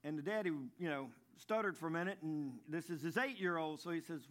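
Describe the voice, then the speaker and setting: Folksy high-voiced pastor. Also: male voice, fairly quick, few pauses. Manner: folksy, repeats words, tells jokes. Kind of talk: sermon.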